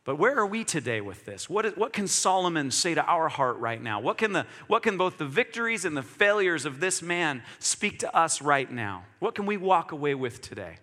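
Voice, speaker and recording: Male pastor, high lively voice, sermon with echoing hall reverb. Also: moderate pace, hardly any pauses. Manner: animated storytelling with acted-out dialogue.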